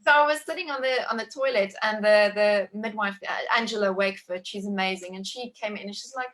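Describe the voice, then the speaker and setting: A woman in her thirties telling a personal birth story in conversation, emotive and animated, talking with many likes and restarts. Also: medium pitch, a little fast, few pauses.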